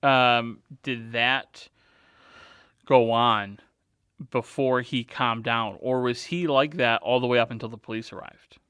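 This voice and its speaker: A male podcast host interviewing a guest, recapping the guest's story back to him in halting phrases. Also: medium pitch, steady tone, a bit bright, clear, resonant tone, no room sound, clean studio sound.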